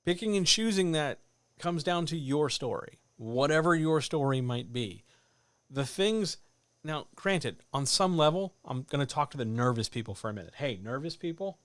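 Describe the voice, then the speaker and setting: A man coaching writers in a livestreamed talk, animated and addressing listeners directly, with muttered asides to himself. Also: on the high side, moderate pace, dry recording. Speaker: writing coach. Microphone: desk microphone.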